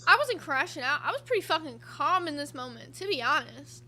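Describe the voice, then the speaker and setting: A woman's voice: high-pitched, big pitch swings, brisk, a crowd in the background. A woman co-hosting a casual reaction show, talking bluntly and emphatically with plenty of swearing. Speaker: co-host.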